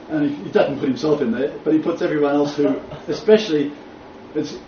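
A man's voice: on the high side, brisk. A man teaching a Bible class in a blunt, joking way, often laughing. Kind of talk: informal lecture. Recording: echoey room from far off, dull, faint noise.

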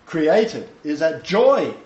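A man preaching informally to a small group, quoting scripture with emphatic, animated delivery and frequent restarts. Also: fairly high pitch, very slow. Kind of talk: informal home-group sermon. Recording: roomy, dull lo-fi room recording.

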